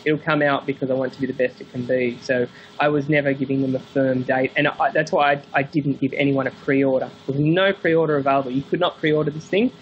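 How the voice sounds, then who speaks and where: A man, a podcast guest and book author, telling stories in a casual interview, animated and acting out quoted voices with frequent laughs. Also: medium pitch, fast. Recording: dull lo-fi call audio with faint hiss.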